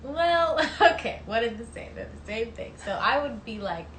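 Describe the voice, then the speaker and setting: A woman's voice: a little high, lively intonation, moderate pace, fairly bright tone. A young woman from the American South chatting casually and in an easygoing way, often laughing. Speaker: singer on a livestream. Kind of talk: casual chat. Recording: echoey room, audible background noise.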